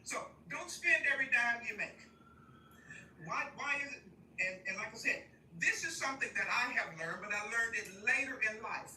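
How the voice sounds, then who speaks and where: An older woman talks on a livestream, lively and folksy, laughing often and calling her listeners "y'all." Her voice is very bright. She is recorded outdoors in a park on a phone held some way off, so the sound is roomy, with faint ambience behind her. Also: fairly high pitch, moderate pace, far from the mic, a little hiss or hum. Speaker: guest speaker. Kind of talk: casual livestream talk. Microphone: phone held while walking.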